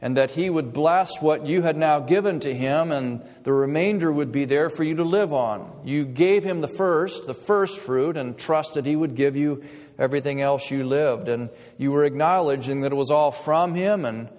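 A male pastor preaching a sermon in measured, emphatic phrases with deliberate pauses, speaking to a congregation in a church sanctuary through a pulpit mic. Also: fairly high pitch, darkish tone. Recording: long hall reverb.

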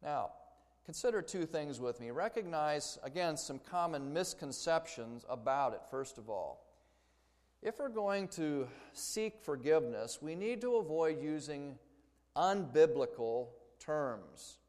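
A man's voice: on the high side, expressive, unhurried, darkish tone, in a large hall. A man giving a Bible lecture in a conversational way, explaining his points through everyday story examples. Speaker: Bible teacher. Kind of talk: church lecture.

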